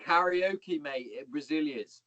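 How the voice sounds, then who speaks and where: Dull lo-fi podcast audio with no room sound captures a man from Hereford, England telling rambling army anecdotes. His voice is on the high side, a little slow and a bit bright, and he curses freely while addressing the listener as "mate."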